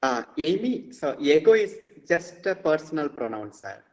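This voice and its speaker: Man, priest teaching a language class online, patient and slow, repeats examples, long echo on the audio. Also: on the high side, big pitch swings. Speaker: Greek instructor and priest. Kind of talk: online lecture.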